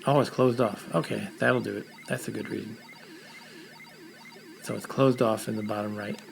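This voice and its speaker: A man's voice: lowish voice, fairly even intonation, normal speed, gravelly, slight background noise, low-quality recording. A man with a New York accent, casually chatting to a live-stream audience while playing a retro game, thinking aloud as he goes.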